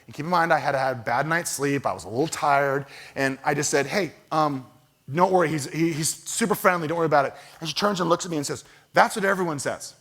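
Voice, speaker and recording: A man's voice: a little high, fast, a bit bright. A man preaching a sermon as pastor, conversational and storytelling, with self-deprecating humor. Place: church sanctuary.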